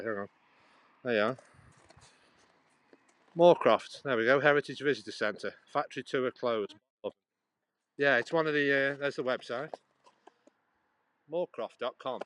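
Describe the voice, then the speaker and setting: A man's voice: medium pitch, fairly bright tone, rough recording. A man, livestreaming as he walks outdoors beside a busy road. He rambles on in a chatty way and talks straight to a viewer. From England. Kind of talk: live walking vlog.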